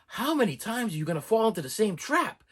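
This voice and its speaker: A man giving a rambling, animated horror movie review, mocking the characters in put-on voices. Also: sits high, fast talker, breathy edge.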